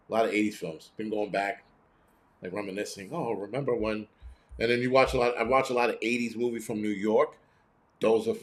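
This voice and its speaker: A middle-aged man hosting a live stream, ranting with heavy profanity and sarcasm while answering chat. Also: on the low side. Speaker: host.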